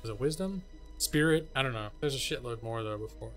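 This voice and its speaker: A man's voice: mid-range voice, lively intonation, a little fast. A man chatting casually on a live gaming stream, rambling and self-deprecating, with casual swearing. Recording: faint music behind.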